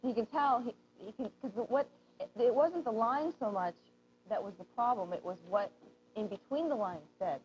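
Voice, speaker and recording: Woman cohost on a shopping channel, chatty storyteller, a bit high voice, dull old tv sound. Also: moderate pace, darkish tone. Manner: chatty storyteller who acts out quoted lines. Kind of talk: casual on-air chat. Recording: dull lo-fi TV broadcast audio.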